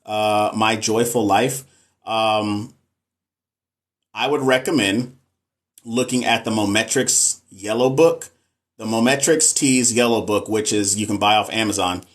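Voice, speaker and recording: A man's voice: on the low side, measured pace. Chatty Southern man hosting a livestream. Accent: Texas Southern. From American South. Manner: chatty, candid, reads comments aloud. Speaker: nurse and livestream host. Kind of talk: casual livestream chat reading comments.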